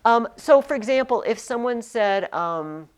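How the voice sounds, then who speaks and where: A woman teaching a Latin class, leading students through the lesson. She talks in a chatty, emphatic way, with frequent fillers and quick restarts. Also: fairly high pitch, animated, clean tone.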